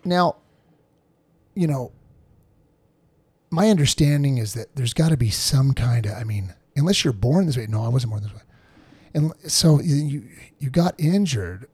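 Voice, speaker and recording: A man with a husky voice telling a rambling story in casual chat, full of restarts and asides. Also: medium pitch, animated, unhurried, mellow, dry recording.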